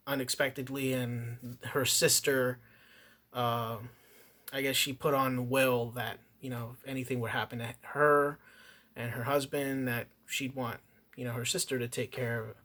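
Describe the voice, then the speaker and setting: Bright-voiced swearing movie reviewer man. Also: medium pitch, level tone, a little slow. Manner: profane, ranting, heavy swearing; rambling with frequent restarts. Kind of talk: casual rambling review.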